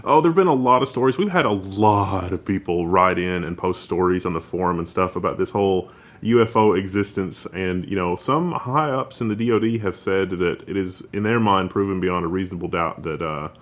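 A man with a low voice banters casually on a podcast, throwing in jokes and laughing often. He talks loosely and playfully. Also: brisk. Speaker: podcast co-host. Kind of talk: casual chat.

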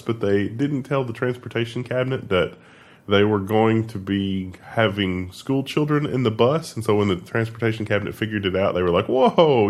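A man with a somewhat low voice co-hosts a casual tech news show. He is wry and laughs often, and he tosses in sarcastic asides as he reads the stories. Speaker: co-host.

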